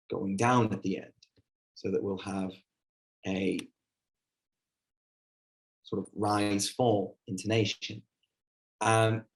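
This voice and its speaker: A man running an online teaching workshop, chatty and full of fillers, acting out how he talks to a class. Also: fairly low pitch. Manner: chatty, filler-heavy, demonstrates classroom talk. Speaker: teacher trainer.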